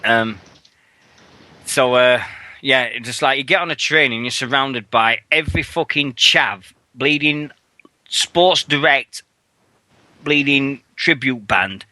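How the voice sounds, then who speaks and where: A man's voice: mid-range voice, takes it slowly, dry recording. A man co-hosting a radio show, chatting casually and swearing a lot. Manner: rowdy, animated, acts out loud mocking voices in quotes.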